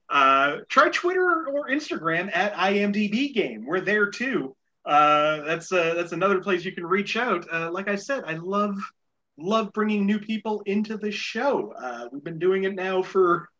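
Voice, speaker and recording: Animated, bright-voiced host with a faint Boston accent. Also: male voice, high-pitched, dull audio. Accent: light Boston. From Boston area. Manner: rambling, with many fillers and repeated words. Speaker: game show host. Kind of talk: casual podcast hosting.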